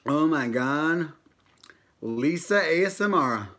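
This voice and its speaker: A man's voice: a little high, lively intonation, takes it slowly, fairly bright tone. A man in his thirties from the United States, chatting casually and joking while eating on a live stream, swearing freely. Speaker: mukbang YouTuber.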